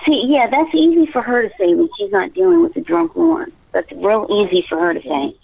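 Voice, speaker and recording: A woman's voice: on the high side, sing-song, a little fast, vocal fry, slightly rough. A woman on a phone call, starting hesitantly and then explaining her point insistently. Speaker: caller on a recorded phone call. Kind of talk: casual phone conversation. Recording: tinny phone line.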